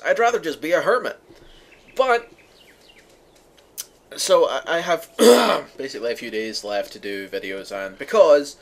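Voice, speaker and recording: A young man from the UK ranting sarcastically to his viewers, profane and exasperated. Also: medium pitch. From United Kingdom. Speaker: vlogger. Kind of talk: ranting monologue to camera.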